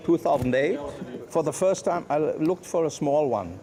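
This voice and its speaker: A man's voice: a little high, expressive, moderate pace, a crowd in the background. A man who qualified online, answering questions hesitantly.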